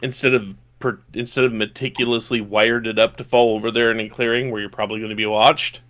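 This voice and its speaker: A man's voice: on the low side, level tone, fast talker, fairly bright tone. A man from Yorkshire narrating a tabletop game as game master, describing scenes and checking rules aloud.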